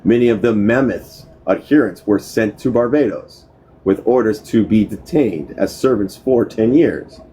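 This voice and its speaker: A man with a low, mellow voice reads a history text aloud. He stumbles often, breaking off mid-word to start again and correct his pronunciation. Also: a little hiss or hum, rough recording. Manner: halting reading, restarts and corrects mispronounced words. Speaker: book reader. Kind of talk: reading a history book aloud.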